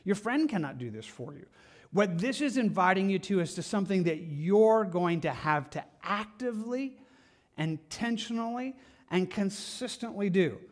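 Higher-voiced man preaching a conversational sermon. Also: animated, moderate pace. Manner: conversational, earnest, with frequent "like" and repeated words. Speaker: pastor.

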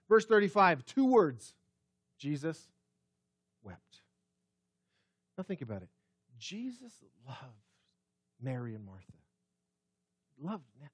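A high-pitched man delivers a sermon in an expressive preaching style, with a dry, close sound. He swings from loud emphasis to near-whispered moments. When he reads scripture, he slows down deliberately. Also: dry recording. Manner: slows down to read scripture aloud. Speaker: pastor. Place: church.

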